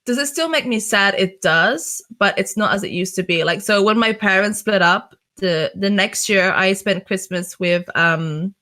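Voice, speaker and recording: A woman's voice: mid-range voice, normal speed, hardly any pauses, pushed and bright. A young woman from the UK, a streamer, telling a personal story in casual chat, full of fillers and swearing. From United Kingdom. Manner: chatty storytelling, heavy fillers, swears freely. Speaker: interview guest, streamer.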